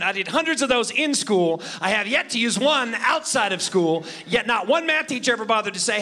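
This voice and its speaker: Male stand-up comic, very high bright voice, punchy delivery, laughs at own jokes. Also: expressive, brisk, few pauses, a little hiss or hum. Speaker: stand-up comedian. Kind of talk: stand-up routine.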